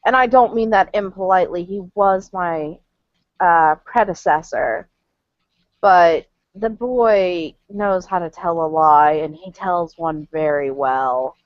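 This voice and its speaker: A scheming vampire clan leader, voiced by a woman, coolly condescending and calling others dear. The voice sits low and sounds dry, as over a dull lo-fi voice chat. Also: slow, dry recording. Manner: cool, condescending, calls people dear.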